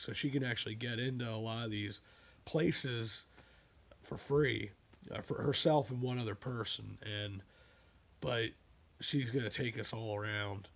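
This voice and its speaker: A man who writes books, talking casually about them in a rambling monologue full of digressions and asides. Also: mid-range voice.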